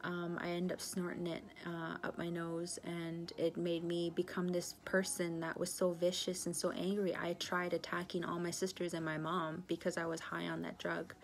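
A woman of about 30 from northern British Columbia, Canada, recounting her own story in earnest, confessional testimony. Her voice sits low and moves very little in pitch. She speaks haltingly, pausing often and filling the gaps with small fillers. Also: completely flat delivery. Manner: halting, with frequent pauses and fillers. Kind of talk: personal recovery testimony.

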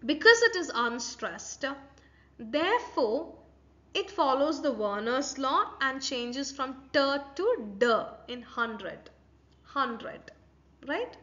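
A woman with an Indian English accent gives a university lecture, explaining step by step and posing rhetorical questions. Her high, slightly bright voice is slow and sing-song, captured in a dull lo-fi recording.

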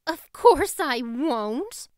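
A woman voicing a spirited, imaginative teenage girl who speaks in an earnest, expressive way. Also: on the high side, a little slow, clear, resonant tone, dry recording, studio quality. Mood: spirited, rueful.

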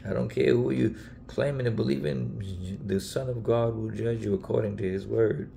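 Gravelly low-voiced man preaching. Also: moderate pace, mellow, a little hiss or hum. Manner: earnest, repetitive, emphatic, with many restarts. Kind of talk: casual Bible teaching video.

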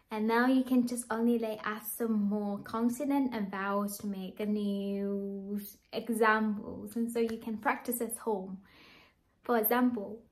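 A Vietnamese-native woman teaching a beginner lesson, speaking slowly and carefully and repeating each sound for the viewer. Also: a little high, darkish tone.

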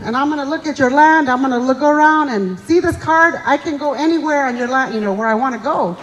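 A woman's voice: high-pitched, fast, close to an everyday voice. Brief: smug official guy flashing his authority, played by a woman comic, hall echo. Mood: cocky. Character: cocky, smug male government land surveyor. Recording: live show in a reverberant hall with audience.

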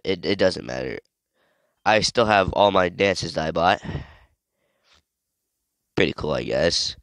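A man's voice: sits low, fairly bright tone, clear, resonant tone, no room sound. A sick young man rambling through casual gameplay commentary, easily distracted and breaking into sudden yelps. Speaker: gaming video creator.

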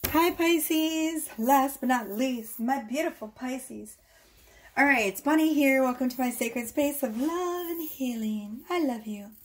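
A woman tarot reader chatting casually to her viewers, rambling a little and often checking in with a quick "okay?". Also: high voice, soft background music.

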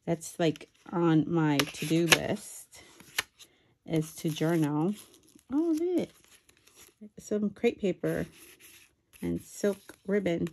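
A woman chatting excitedly while unboxing a craft swap package, with self-deprecating asides. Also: lowish voice, takes it slowly, pauses often, a little hiss or hum. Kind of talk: casual unboxing commentary. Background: paper crinkling and clicks.

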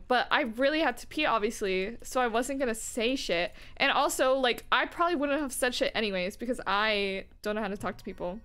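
A woman's voice: on the high side, expressive, fairly quick, hardly any pauses, a bit bright, smooth. A young woman streamer chatting casually while playing a game, rambling and swearing as she goes. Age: young adult. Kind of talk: casual chat while gaming.

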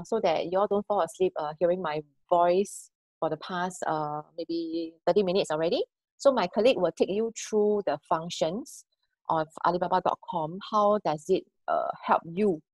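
A woman's voice: lowish voice, a little mellow, dry recording, low-quality recording. A woman gives a webinar presentation, chatty, often checking in with "right?" and "okay".

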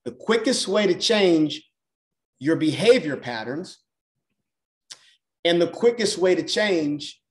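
A man coaching on a mindset call, talking emphatically and repeating key phrases for effect. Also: fairly high pitch. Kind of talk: motivational call talk.

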